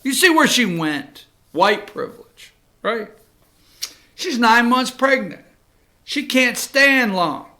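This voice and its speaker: A man's voice: extremely high pitch, big pitch swings, slow, pauses often, sharp tone. A male talk show host giving emphatic, opinionated commentary and cueing his producer between clips. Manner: ranting, emphatic, cues the producer.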